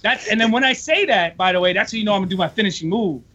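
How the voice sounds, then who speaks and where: A man's voice: high voice, very fast, pushed and bright, dull audio. A man who is a guest on a podcast, riffing playfully and boasting for laughs. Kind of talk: casual chat.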